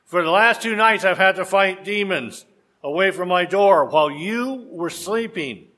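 A man's voice: high-pitched, animated, a little slow, sharp tone, heavily acted. A preacher voicing a weary, pleading rich young man. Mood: plaintive. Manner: plaintive, questioning.

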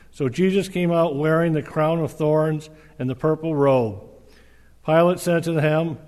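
Guy reading scripture, fairly high voice, steady, kinda churchy echo. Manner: measured, earnest, with small slips. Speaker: scripture reader. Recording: reverberant hall.

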